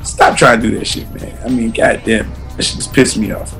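A man's voice: on the low side, little pitch movement, a little fast, music in the background. A man co-hosting a casual, profane podcast chat, laid-back and given to storytelling rants. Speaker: podcast co-host.

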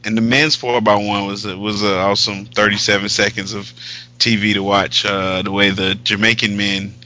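A bright, cutting voice belongs to this American man, a podcast co-host who tells loud, joking stories. He talks in easygoing banter with his co-hosts. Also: fairly low pitch, little pitch movement, normal speed, low-quality recording. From United States. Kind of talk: casual banter.

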